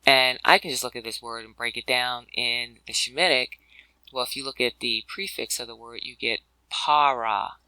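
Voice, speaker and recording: A man's voice: medium pitch, fairly even intonation, moderate pace, bright, forceful tone, smooth, dry recording, rough recording. A man teaching a scripture word study in a conversational way, with fillers and restarts, addressing listeners as brothers and sisters. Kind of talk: explanatory video lesson.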